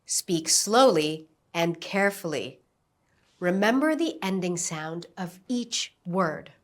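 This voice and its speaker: A woman teaching an English lesson, giving slow, carefully enunciated instructions and modelling words for repetition. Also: on the low side, animated. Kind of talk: slow, clear classroom instruction.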